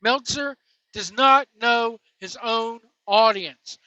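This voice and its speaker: Blunt scornful wrestling ranter, bright-toned. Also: mid-range voice, slow, no echo, dull audio. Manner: blunt, scornful, name-calling. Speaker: wrestling commentary host. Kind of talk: opinionated rant.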